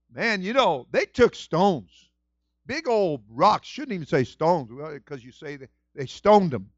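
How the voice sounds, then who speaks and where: A middle-aged male pastor preaching a sermon with passion, moving between hushed storytelling and shouted exclamations. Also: fairly high pitch, big pitch swings, a little slow, no room sound, highs cut off. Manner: exclaims "whew" and "woo".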